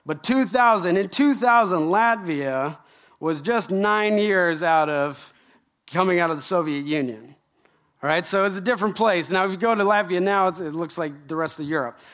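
A middle-aged man from Canada, a pastor giving a sermon, telling a story with lively rhetorical questions. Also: high voice, moderate pace.

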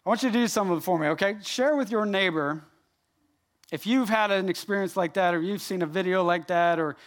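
Male pastor, higher voice, delivering an animated sermon straight to the congregation. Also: fairly quick. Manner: animated and emphatic, addressing the room directly.

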